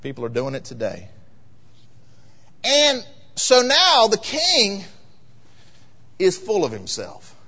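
Male pastor, sermon; high, very lively delivery, echoing hall. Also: slow, pauses often. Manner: animated preaching, acts out voices, rises to loud emphatic peaks. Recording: long hall reverb.

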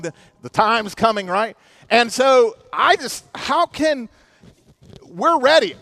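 A man's voice: very high voice, slow, fairly bright tone, no echo. A middle-aged male pastor preaching a sermon, earnest and storytelling, with touches of humor.

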